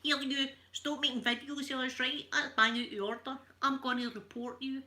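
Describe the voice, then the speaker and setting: A woman's voice: high-pitched, steady tone, moderate pace, sharp tone. Scottish woman doing a brash young Ned lad. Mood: indignant. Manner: brash slangy patter. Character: cocky young male Scottish street lad.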